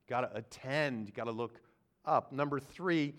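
A man preaching a sermon, earnest, moving from quiet reflection to loud, emphatic points. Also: fairly high pitch, normal speed. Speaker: pastor.

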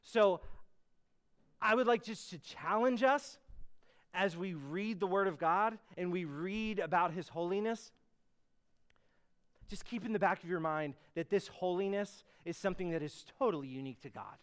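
Male preacher, clear ringing tenor-ish voice, earnest conversational sermon with emphatic peaks. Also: high voice, unhurried, pauses often, a bit bright. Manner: earnest teaching, rising to emphatic bursts on key words; frequent fillers and restarts, conversational asides.

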